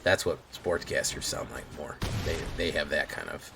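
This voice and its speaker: A man streaming a card game, casually muttering his plays aloud with quick exclamations. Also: a bass voice, steady tone, gravelly, over music. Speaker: gaming streamer. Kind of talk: casual gameplay commentary.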